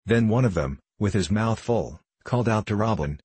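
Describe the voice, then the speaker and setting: A man narrating an old-fashioned storybook tale in a steady storytelling voice. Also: fairly low pitch, moderate pace, hardly any pauses, breathy edge, no room sound.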